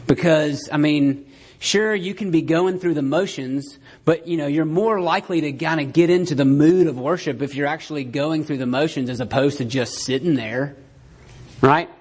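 A man's voice: on the high side, normal speed, a little mellow, breathy edge. A man preaching a sermon to a congregation. He talks in a conversational way, often asks "right?", and acts out the quoted lines. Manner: conversational, keeps asking "right?".

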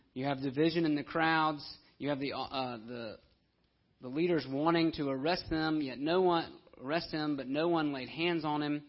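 In a dull, lo-fi recording, a male pastor preaches in a conversational way, now and then performing the voices of characters from his story. He speaks in a mid-range voice with some breathiness.

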